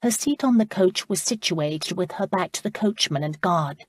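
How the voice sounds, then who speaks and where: A woman narrates an audiobook in a measured, expressive reading. Her voice sits low with a husky grain. The recording is close and dry, with no room sound. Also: dry recording. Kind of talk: scripted narration.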